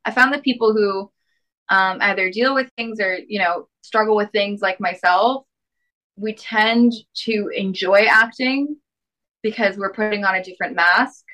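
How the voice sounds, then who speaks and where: A woman's voice: mid-range voice, unhurried, bright, forceful tone, low-quality recording. A young woman with a lisp, chatting upbeat as a podcast guest with many fillers. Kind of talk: casual interview chat.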